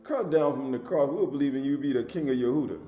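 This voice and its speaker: A man preaching a sermon, reading scripture loudly and dropping to low asides, with casual rhetorical questions to his listeners. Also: fast talker, reverberant, faint music behind. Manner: swings between loud emphatic reading and low murmured asides.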